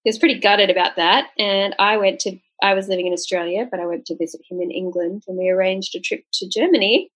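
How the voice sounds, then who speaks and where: A young woman with a husky, slightly breathy voice tells a story in relaxed conversation. Her pitch sits in a middle range, and she jumps up when she acts out what people said. The delivery is loose and chatty. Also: fast, few pauses, low-quality recording. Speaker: podcast co-host telling a story. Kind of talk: casual storytelling chat.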